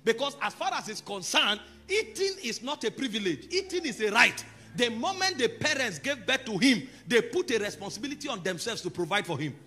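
A man, preaching with a husky, bright edge and a voice that leaps high and low. He moves from calm teaching to loud, emphatic declarations. Soft music plays behind him. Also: brisk. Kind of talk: sermon.

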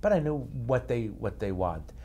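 Halting man in an interview. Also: fairly low pitch, big pitch swings, dark tone, a little hiss or hum. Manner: halting, repeats and restarts words. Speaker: actor interviewed as a guest. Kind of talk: casual interview talk.

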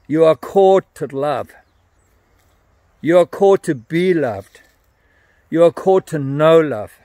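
A man's voice: on the high side, no room sound. An older man giving an earnest, emphatic evangelistic message to camera, often repeating his phrases.

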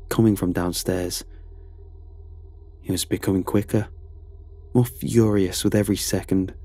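A man narrating a horror story in a slow, low, brooding way. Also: warm tone, no room sound. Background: faint music.

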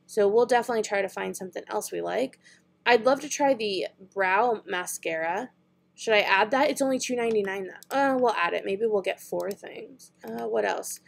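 A young woman beauty vlogger browses makeup online, chatting casually and thinking out loud with frequent giggles. Her mid-range voice moves at a moderate pace and carries some vocal fry.

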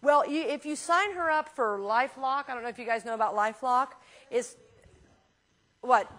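A woman minister teaching a class in a church, talking casually and telling lively anecdotes with frequent restarts. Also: sits high, moderate pace. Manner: chatty, animated storyteller with frequent restarts.

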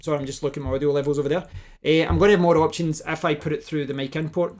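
A man's voice: on the high side, steady tone, very fast, a little mellow. Man explaining gear at his desk. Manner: talks while demonstrating gear, thinking aloud with restarts. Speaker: tech tutorial host. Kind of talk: casual demonstration tutorial. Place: home desk setup. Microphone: desk microphone, switching between mics.

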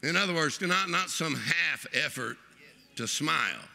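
A preacher, delivering an exuberant sermon and leading the congregation in laughter. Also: male voice, fairly high pitch, expressive, unhurried, gravelly, sharp tone. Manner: exuberant, leads the crowd in laughing. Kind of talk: lively sermon.

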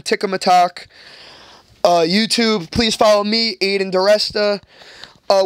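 A man's voice: sits high, fairly bright tone, smooth, dry recording. A young man hosting a casual podcast, telling loose, rambling stories and swearing freely. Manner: loose, profane, rambling storyteller. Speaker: podcast host. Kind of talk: casual storytelling chat.

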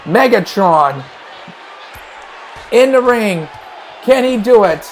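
High-pitched guy calling wrestling moves slow and drawn out, gets shouty and excited. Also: some chatter behind, a little hiss or hum, poor audio. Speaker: play-by-play commentator. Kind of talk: play-by-play wrestling commentary.

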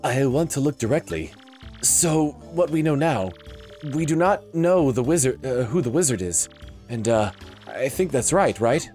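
A man streaming a video game, reading its dialogue aloud in a deadpan, wry way. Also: mid-range voice, a little slow, soft background music.

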